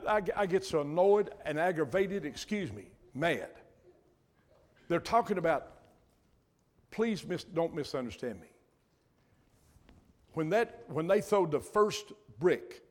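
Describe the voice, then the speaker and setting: An older man preaching a sermon in a folksy, earnest way, often breaking off mid-sentence and repeating himself. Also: fairly high pitch.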